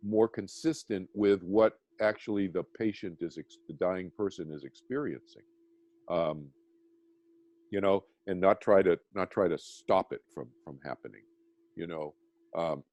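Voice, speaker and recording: A man's voice: low voice, a little mellow, no echo, lo-fi sound. A man talking as a guest, explaining earnestly with frequent restarts and checking in with "okay?". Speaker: guest, meditation teacher.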